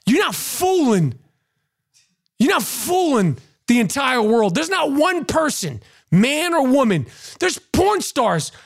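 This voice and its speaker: A man's voice: very high-pitched, very animated, slow pace, vocal fry. A man and podcast host ranting to camera, crude and mocking, often repeating himself. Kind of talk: profane ranting monologue to camera.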